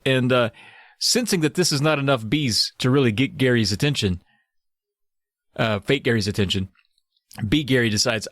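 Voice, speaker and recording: A man casually recapping a book on a podcast, profane and animated, putting on voices for the characters. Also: medium pitch, no echo, clean studio sound. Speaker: podcast host.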